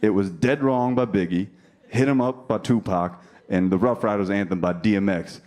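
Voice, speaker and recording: A man's voice: lowish voice, moderate pace, a little mellow. A man in his thirties doing a stand-up comedy routine on a club stage, talking brashly with profane crowd work. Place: comedy club stage before a laughing audience. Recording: live club sound with audience noise. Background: audience laughter.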